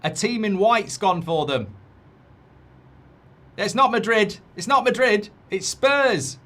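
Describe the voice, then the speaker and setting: A man putting on the voice of a frantic, panicking male football pundit, shrill and squealing. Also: lively intonation, slow pace, pushed and bright, heavily acted.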